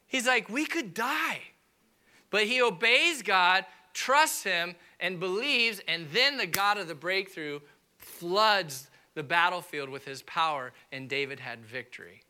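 A man preaching a sermon to a church congregation, telling a funny personal story with lively asides and impressions. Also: sits high. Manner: animated storytelling with comic impressions and audience asides. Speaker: pastor. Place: church auditorium.

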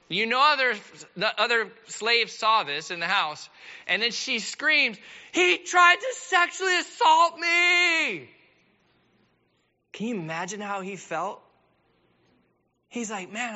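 A man's voice: sits high, sharp tone. A man preaching a sermon as pastor, telling the story with joking asides. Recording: dull lo-fi sound.

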